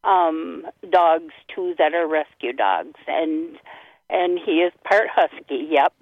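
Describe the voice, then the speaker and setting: An older woman calling in to a radio show, chatting gently about talking to her daughter's dog. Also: low voice, slow, no room sound. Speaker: caller. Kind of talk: casual call-in chat. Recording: muffled phone line.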